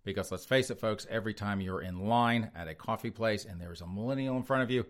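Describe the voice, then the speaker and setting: A man in a podcast rant, reading out headlines and tearing into them with sneering sarcasm. He chuckles at his own lines as he goes, and his voice sits on the low side. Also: quick pace. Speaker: podcast host. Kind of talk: sarcastic news commentary.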